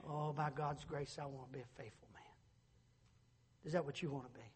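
A middle-aged male pastor preaching a sermon in a church, moving from quiet storytelling to shouted preaching. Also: fairly high pitch, steady tone, fairly quick, in a large hall, a little hiss or hum. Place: church sanctuary.

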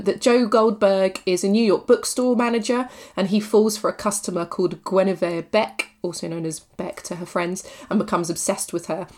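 A woman co-hosting a casual chat about films and TV, rambling with lots of fillers. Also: fairly low pitch. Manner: chatty, rambling, full of fillers. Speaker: podcast co-host. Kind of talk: casual film and TV review chat.

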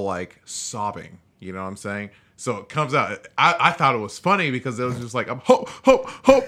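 A podcast host in his thirties chats casually, his lowish voice bright and forward in tone. He speaks loosely and relies on filler phrases, so his stories unfold in a relaxed, chatty way.

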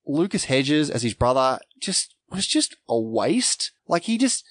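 A man's voice: a little high, big pitch swings, measured pace, no room sound. A man co-hosting a podcast, chatting casually about a film with hesitant restarts. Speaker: podcast co-host. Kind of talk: casual film review chat.

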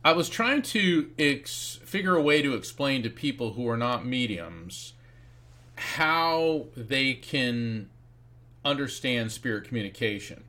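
A man appears as a guest in an interview, an author and medium who tells a story with energy and acts out the voices of the people he quotes. He speaks slowly in a mid-range voice.

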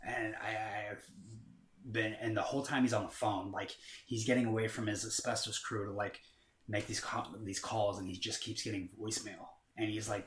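Rambling man with a lowish voice. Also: flat delivery, brisk, fairly bright tone, slight background noise. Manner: rambling, heavy filler words and casual swearing. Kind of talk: casual chat. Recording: roomy echo.

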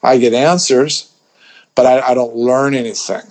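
A man's voice: mid-range voice, steady tone, normal speed, darkish tone. A man telling a story as a podcast guest, rambling with lots of restarts and swearing freely. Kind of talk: casual storytelling chat.

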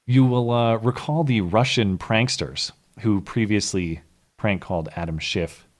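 A man's voice: on the low side, a little slow. A man hosting a podcast, giving comedic news commentary with sarcastic asides and bursts of laughter. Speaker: podcast host.

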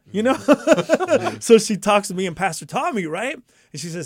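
A man's voice: high voice, unhurried, dry recording, clean studio sound. A man casually telling his life story, acting out the voices of the people in it and laughing often. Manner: animated, acts out voices in quotes, laughs often. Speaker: guest telling his testimony.

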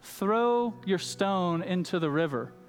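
A preacher doing a calm, patient teacher. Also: male voice, high-pitched, slow pace. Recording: roomy hall reverb with faint music.

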